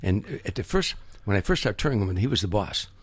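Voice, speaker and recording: An older man tells show-business stories in a husky, slightly low voice. He acts out the people in them with lively jumps in pitch. The sound is close and dry. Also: fast talker, no room sound. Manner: animated anecdotes, acts out quotes. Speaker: guest comedian. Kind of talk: storytelling interview.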